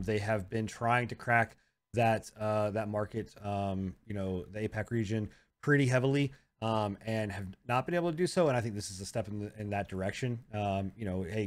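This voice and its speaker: A man hosting a gaming podcast in casual chat, leading the topics with many hesitant ums. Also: lowish voice. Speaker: podcast host.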